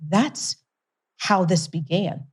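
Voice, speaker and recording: A woman being interviewed as a guest, telling a story in an animated way, laughing often and repeating words for emphasis. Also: fairly low pitch, takes it slowly, husky. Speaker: guest, company CEO.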